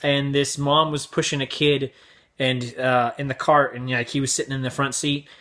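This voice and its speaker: Brash, bright-voiced young man ranting. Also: medium pitch, flat delivery, moderate pace. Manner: brash, exaggerated, crude. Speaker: vlog host. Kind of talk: comedic rant.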